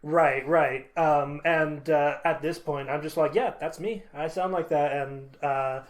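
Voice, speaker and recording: A man's voice: fairly high pitch, steady tone, measured pace. A man co-hosting a podcast, chatting casually and laughing often. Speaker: podcast co-host. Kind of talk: casual chat.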